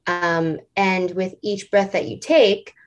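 Her voice is fairly low and fairly even, her pace slow, and the audio sounds dull. She's a singer and stage performer guest in her late twenties, chatting in an interview and telling a rambling story packed with "like" and "um."

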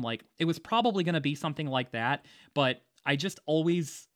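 A man's voice: fairly high pitch, animated, fairly quick, hardly any pauses, fairly bright tone, no echo, studio quality. A man hosting a casual movie discussion, chatty, with frequent laughs and fillers. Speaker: podcast host.

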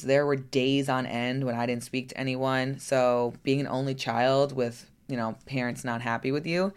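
A lifestyle coach speaks frankly and chattily in her personal vlog, occasionally swearing and tossing out rhetorical "right?" questions. Her voice is a rumbling low with a clean tone.

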